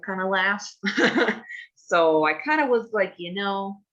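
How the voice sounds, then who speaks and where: A woman's voice: medium pitch, animated, slow, fairly bright tone, muffled recording. A woman talking casually in character as a player in a tabletop game, rambling with lots of filler words.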